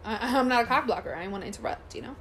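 Woman, podcast co-host, casual chat, slangy, somewhat high voice, faint background noise. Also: very fast, fairly bright tone. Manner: chatty and slangy, jumps in to act out quotes.

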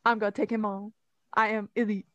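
A woman's voice: medium pitch, level tone, fairly quick, fairly bright tone, lo-fi sound, close to an everyday voice. A woman voicing a cocky, eager young male doctor with a breezy, overconfident manner.

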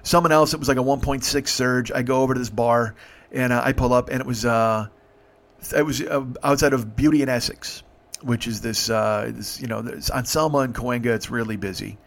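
A man's voice: mid-range voice, steady tone, a little fast, creaky, fairly bright tone. A man, a rideshare driver, casually telling stories and acting out dialogue, swearing freely. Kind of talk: casual storytelling monologue.

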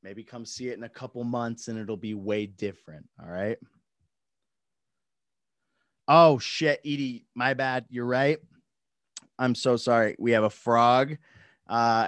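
A man's voice: medium pitch, slow, pauses often, no echo. A young man hosting a casual live stream from his home studio, laid-back, laughing often and swearing freely. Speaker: podcast host.

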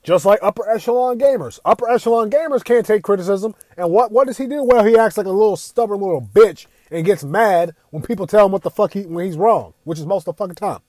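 A man's voice: high-pitched, fast talker, hardly any pauses, a little mellow, no echo. A young man giving a profane, exasperated rant as a gaming commentator. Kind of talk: ranting commentary.

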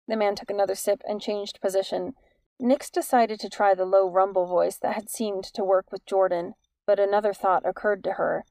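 A woman reading an audiobook in an even, measured storytelling manner. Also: mid-range voice, dry recording. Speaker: audiobook narrator. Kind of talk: scripted narration.

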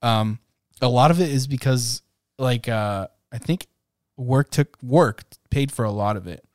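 A man's voice: mid-range voice, a little slow, a little mellow, no room sound, clean studio sound. A man co-hosting a casual podcast, talking in a laid-back, self-deprecating way and laughing often. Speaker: podcast co-host.

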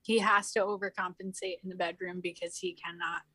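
A woman on a comedy podcast, chatting casually and landing deadpan absurd jokes. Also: fairly low pitch, fairly quick, husky, no echo. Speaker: podcast guest.

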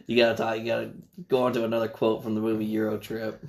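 A man's voice: on the low side, completely flat delivery, fast, vocal fry. A man co-hosting a casual podcast chat, retelling scenes in a rambling, profane way with many restarts. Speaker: podcast co-host.

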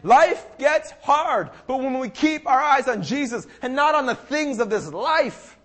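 A man's voice: very high voice, expressive, a little slow. A young man preaching an impassioned, emphatic sermon at a church service, often repeating his phrases. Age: young adult.

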